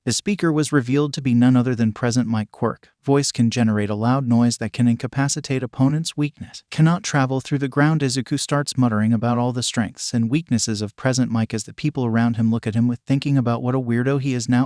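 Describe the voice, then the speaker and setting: A man reads a fan fiction story aloud at an even, unhurried pace. His voice sits in a middle pitch, and the recording is dry and close, with no room sound. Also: dry recording. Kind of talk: steady story narration.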